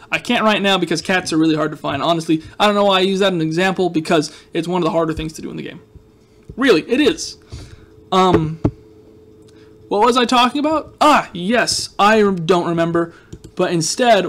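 A man with a high voice giving casual gameplay commentary as a let's-play host. He rambles and jokes, slipping into playful sarcasm as he talks to his viewers.

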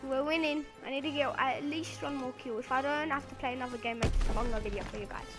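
A woman commentating her own gameplay, excitable, with playful trash talk and sudden outbursts, game music and gunfire behind. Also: sits high, quick pace. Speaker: gaming video creator.

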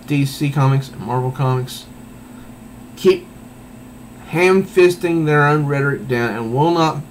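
A man's voice: fairly high pitch, unhurried, a little hiss or hum, poor audio. A man reviewing a comic book in a casual, meandering way, thinking aloud as he goes.

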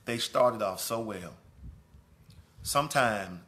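Male pastor, bright forceful tone, preaching a Sunday school lesson with emphatic repeats and loose asides. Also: fairly low pitch, slow pace. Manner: preaching with emphatic repetition, swelling and dropping in volume; conversational asides and restarts. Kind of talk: sermon-style Bible lesson.

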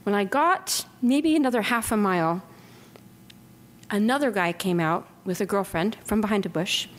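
A middle-aged woman from Southern California telling lively stories to an audience as an author giving a talk, acting out quotes with whispers. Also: mid-range voice, normal speed. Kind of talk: anecdotal storytelling to an audience. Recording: lecture hall with long reverb, faint noise.

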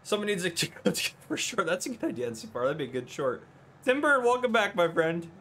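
Chatty male game streamer with a lively, bouncing pitch who keeps cracking up at chat and works through a farm run. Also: a little fast. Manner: chatty, thanks chat viewers by name; breaks into helpless laughter often. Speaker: livestream gameplay host. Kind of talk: live farming-game stream commentary.

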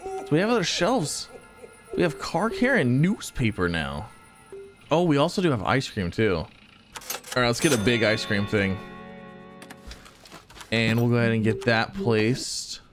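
A man's voice: mid-range voice, sing-song, unhurried, long pauses, over music. A man casually commenting on his own gameplay, talking to viewers and to himself with frequent exclamations. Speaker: gaming channel host.

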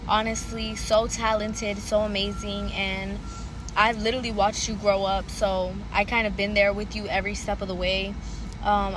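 Encouraging woman over clear car noise. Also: medium pitch. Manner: warm, steady encouragement. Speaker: relative giving a video message. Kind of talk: heartfelt video message.

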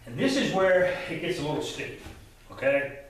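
A man's voice: on the high side, big pitch swings, normal speed, fairly bright tone, a little hiss or hum. A man preaching a sermon as a pastor, earnest, often repeating words as he stresses a point, in a church sanctuary. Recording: distant mic in a very echoey church hall.

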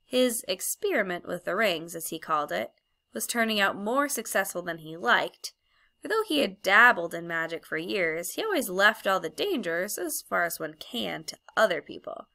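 A woman reading a children's fantasy novel aloud as an audiobook narrator, measured and expressive. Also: mid-range voice, vocal fry. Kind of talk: storybook narration.

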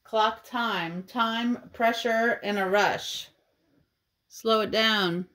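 A woman giving a tarot card reading to her viewers, speaking in a slow, soothing, encouraging way. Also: on the high side, a bit bright. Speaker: tarot reader.

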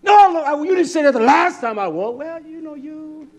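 Indignant wife voice, loud and squeaky, a preacher doing his wife. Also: animated, normal speed. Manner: shrill, indignant, high-pitched. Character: scolding wife, middle-aged woman, indignant.

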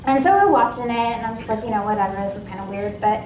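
A woman from Washington State sharing a personal testimony at a ministry meeting, in a casual, lively way with many fillers. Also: a little high, quick pace, far from the mic, slight background noise. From Washington State, USA. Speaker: guest speaker at a ministry. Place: ministry meeting room with a live audience. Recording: echoey room, voice from off-mic.

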